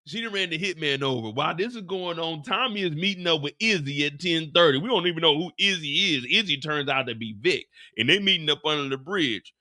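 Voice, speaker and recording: A man hosting a live recap show, retelling scenes in an animated, profane, comedic way on a streaming mic. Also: on the high side, brisk, hardly any pauses, no room sound, studio quality. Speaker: host.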